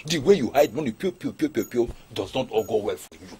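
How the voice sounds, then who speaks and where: A man's voice: medium pitch, expressive, fast talker, dark tone, natural voice. A man with a Nigerian accent playing a blunt friend who lectures frankly. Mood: lecturing. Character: blunt, scolding close friend.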